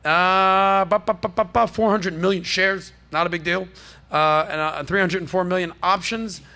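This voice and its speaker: Animated, gravelly-voiced male podcast host. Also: sits high, moderate pace, faint music behind. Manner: animated, jokey, riffing asides to his crew. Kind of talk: energetic news commentary.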